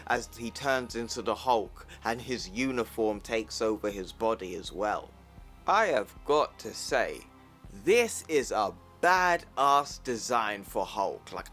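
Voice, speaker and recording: A man's voice: on the low side, a bit bright. A man narrating a comic book story in a casual way, with enthusiastic fan asides. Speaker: comic book recap youtuber.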